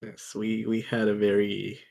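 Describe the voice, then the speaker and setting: A man playing his character in a tabletop game, speaking hesitantly with halting restarts. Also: fairly low pitch, completely flat delivery, vocal fry, a little mellow. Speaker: player.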